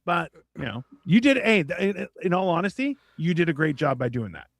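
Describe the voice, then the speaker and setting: A man chatting casually on a podcast, swearing freely and acting out quoted exchanges with lively shifts. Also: on the high side, a little fast, creaky, dry recording, studio quality. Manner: profane, animated, acts out quoted exchanges. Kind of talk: casual chat.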